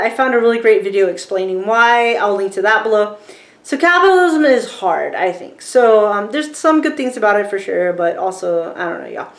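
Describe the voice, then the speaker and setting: A woman in her forties with a light Southern American accent talks to camera with a slightly high pitch. She rambles casually, restarting her sentences and filling pauses with ums and likes. Her voice rings in a noticeably echoey room. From rural Virginia, USA. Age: 40s. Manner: rambling, chatty, lots of restarts and fillers. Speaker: YouTuber. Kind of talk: casual talking-to-camera book review.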